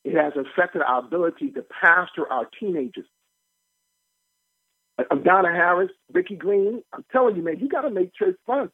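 A man, a pastor, preaching in a lively informal way, joking and asking the listeners questions. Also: high voice, moderate pace. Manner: animated, joking, asks the listeners rhetorical questions. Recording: tinny phone-line audio, dry.

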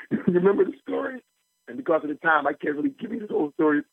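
Male radio pastor, a bit high and raspy, animated folksy delivery, dry tinny phone sound. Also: fast talker, dry recording. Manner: animated, laughing, folksy preaching. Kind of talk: preaching radio sermon.

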